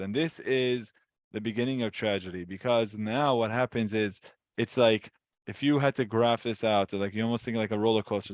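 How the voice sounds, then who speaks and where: A man's voice: mid-range voice, clear, resonant tone, dry recording. A man giving a casual weekly Torah lesson, telling the story with animation and acting out voices. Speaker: Torah teacher.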